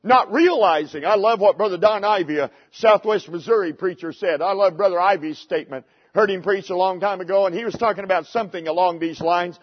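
A man's voice: high voice, a little fast, few pauses. A man preaching a sermon in a conversational way, asking his listeners rhetorical questions. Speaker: pastor. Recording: dull lo-fi sermon recording.

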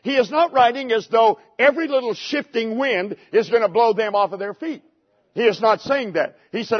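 A male pastor with a high voice delivers a sermon at a moderate pace, preaching conversationally with rhetorical questions. The recording is dull and lo-fi.

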